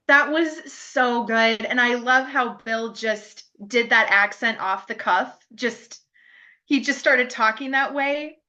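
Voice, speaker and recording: A woman's voice: fairly high pitch, slow, sharp tone. A woman co-hosting a podcast, chatting casually about a TV episode, laughing often and murmuring agreement. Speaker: podcast co-host. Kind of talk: casual TV episode review chat.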